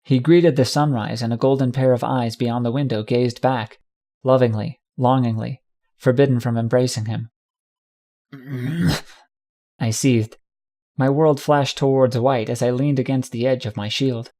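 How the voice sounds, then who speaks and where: A man reading a first-person fan fiction audiobook with steady, dramatic storytelling. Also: mid-range voice, moderate pace. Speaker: audiobook narrator.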